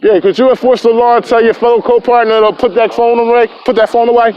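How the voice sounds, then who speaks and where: A man's voice: very high voice, level tone, quick pace, darkish tone. A man filming police on a city street, taunting and lecturing them in a confrontational argument. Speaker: camera-carrying activist filming police. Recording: muffled lo-fi street recording.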